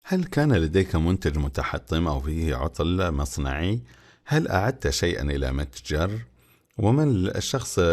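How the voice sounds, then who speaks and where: A man teaching an English textbook lesson, reading the English slowly and explaining it in Arabic. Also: a bass voice.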